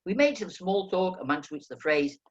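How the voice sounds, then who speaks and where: A man narrating a first-person memoir as an audiobook reader, telling the story in a lively way. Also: high-pitched, moderate pace, lo-fi sound. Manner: lively storytelling, acting out quoted speech.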